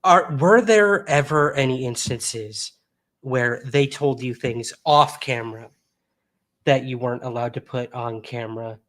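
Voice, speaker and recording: A man hosting a podcast from a studio. He asks loose, casual questions and drops in short comments and reminders to listeners. His voice sits at an ordinary pitch for a man. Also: measured pace, fairly bright tone. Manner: brief interjections and questions to the guest. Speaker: podcast host. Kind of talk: casual interview chat.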